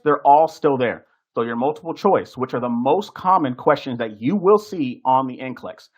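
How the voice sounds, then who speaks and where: A man gives a relaxed, conversational lecture on nursing exam prep, circling back with frequent fillers and restarts. His voice sits at a middle pitch, and the recording sounds a bit dull and lo-fi. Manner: chatty, loose, many fillers and restarts. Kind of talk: casual presentation lecture.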